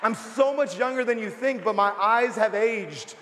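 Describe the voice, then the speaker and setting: A man, preaching a lively, comic sermon and telling stories in an animated way. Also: high voice, normal speed, a little hiss or hum. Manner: animated storytelling with comic voices. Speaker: pastor, guest preacher. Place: large church auditorium. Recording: reverberant hall.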